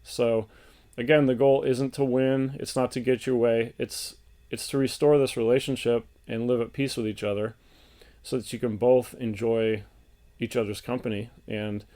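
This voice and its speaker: A man presenting relationship advice in an earnest, loosely unscripted way, pausing with fillers and restarting phrases as he thinks aloud. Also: medium pitch, level tone, dark tone.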